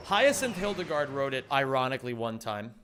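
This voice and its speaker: A man with a medium-pitched, fairly bright voice that swings widely speaks fairly quickly, with slight background noise and music playing behind him. Live-streaming a game, he banters with his viewers, reads their messages aloud and snaps back in mock-indignant outbursts.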